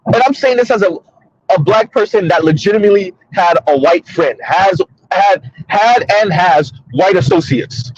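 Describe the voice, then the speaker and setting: A man's voice: high-pitched, normal speed, husky, dry recording, dull audio. A man hosting a casual commentary monologue from his car, emphatic and repetitive, talking straight to listeners. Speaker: commentary host. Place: in a car on the road.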